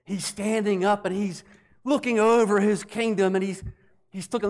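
A man with a notably high voice preaches a sermon. He explains scripture in an animated way, now and then slipping into acted voices to drive a point home. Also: normal speed. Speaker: pastor.

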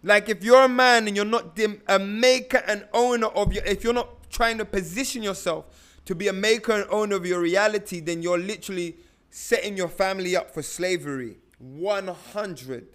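Man, young adult, high-pitched, slangy and emphatic, casual motivational talk, repeats himself. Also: normal speed, fairly bright tone.

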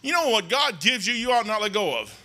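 A man's voice: high-pitched, sing-song, fairly quick, bright, forceful tone. A man preaching a folksy, rambling sermon in a church, talking emphatically and conversationally.

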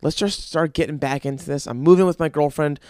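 A young man talks alone on his podcast in a loose, profane, rambling rant. His voice sits a little high and jumps up and down a lot as he gets worked up. The sound is dry and close, with no room echo. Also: fairly quick, a little mellow. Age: young adult. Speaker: podcast host. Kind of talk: crude solo podcast rant.

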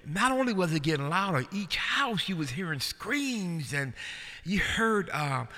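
A high-pitched, animated man hosts a comedy show, performing stand-up for a live audience. He tells stories energetically and slows down for punchlines, with crowd and room noise and audience laughter in the background.

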